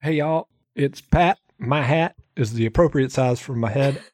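A man's voice: medium pitch, moderate pace, a little mellow. A man recording show intros in casual chat with friends, restarting take after take and laughing. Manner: repeated takes, breaking into laughter.

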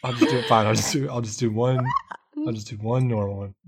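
A man's voice: medium pitch, steady tone, fast, very noisy. A man recording show intros in casual chat with friends, restarting take after take and laughing. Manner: repeated takes, breaking into laughter.

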